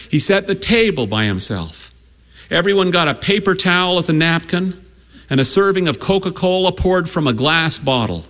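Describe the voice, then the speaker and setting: A man reading a story aloud in a measured, gently humorous way. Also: on the high side, very animated.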